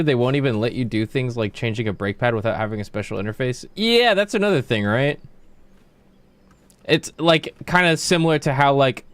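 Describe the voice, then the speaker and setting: A man's voice: medium pitch, clean tone. A man casually chatting on his livestream while gaming, rambling with plenty of fillers, restarts and swearing.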